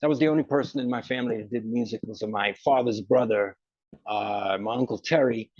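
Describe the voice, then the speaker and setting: A man, a musician guest in an interview, telling rambling, animated stories. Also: medium pitch, a little fast, dry recording, highs cut off. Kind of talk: casual interview.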